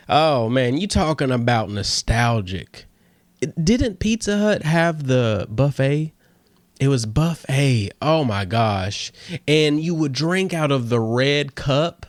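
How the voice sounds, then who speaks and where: A man's voice: medium pitch, expressive, slow, dry recording, studio quality. A man hosting a casual solo podcast, talking playfully and slipping into a radio DJ countdown voice. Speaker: podcast host.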